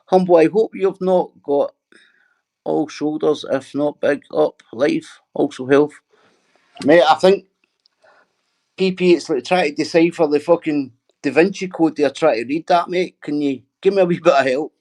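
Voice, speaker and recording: A man's voice: a little high, normal speed, darkish tone. A middle-aged man hosting a casual livestream, reading out viewer comments and answering them with sweary, mocking banter.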